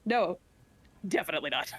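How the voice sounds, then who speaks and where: A woman at a tabletop game with a lowish voice, trailing off and restarting as she asks questions with a giggle. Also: lively intonation, brisk, crowd noise. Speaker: player. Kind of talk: casual tabletop game banter.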